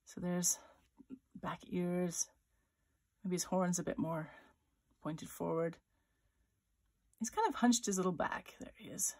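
A woman's voice: lowish voice, takes it slowly, pauses often, darkish tone. A woman author-illustrator leading a children's drawing tutorial, thinking aloud as she sketches and chatting playfully. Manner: voices little sound effects for her drawings.

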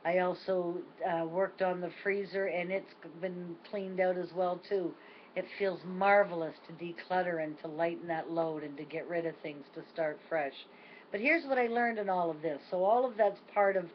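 A woman's voice: lowish voice, normal speed. An older woman telling a personal story in an earnest, reflective video diary at home. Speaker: vlogger. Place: home at night. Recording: dull lo-fi with faint noise.

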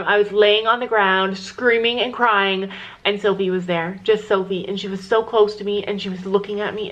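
A middle-aged family vlogger chats casually to camera, talkative and often speaking directly to her viewers. Her mid-range voice is a bit bright, though the audio sounds dull.

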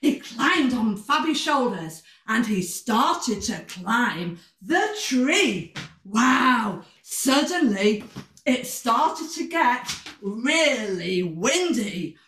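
A woman reading a storybook aloud to children in an animated, sing-song way, with gasps and sound effects. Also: on the high side, slow, roomy sound, distant mic, a little hiss or hum.

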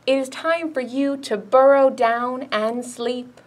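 A woman voicing a slow, muttering turtle in a children's picture book read-aloud. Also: sits high. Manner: muttering, unhurried.

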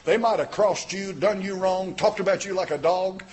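A man's voice: high voice, normal speed, slightly rough. Fervent older man preaching a sermon. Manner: swings from quiet to shouted fervor; folksy, plain-spoken preaching. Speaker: pastor.

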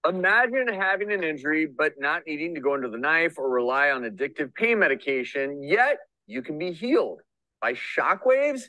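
A man narrating a news feature as a reporter in a measured, scripted way. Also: a little high, lively intonation, sharp tone, dry recording, low-quality recording.

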